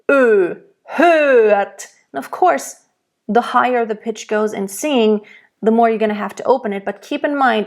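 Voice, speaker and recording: A woman voice teacher giving a diction lesson for singers. She explains patiently, then demonstrates each word aloud with strongly stressed consonants. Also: fairly high pitch. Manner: rolls and stresses German consonants in her demonstrations.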